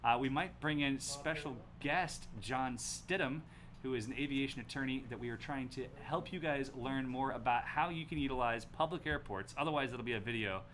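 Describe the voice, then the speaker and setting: A man's voice: mid-range voice, moderate pace, a bit bright. A man hosting a casual aviation livestream, upbeat and reading viewer names from the chat. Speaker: livestream host.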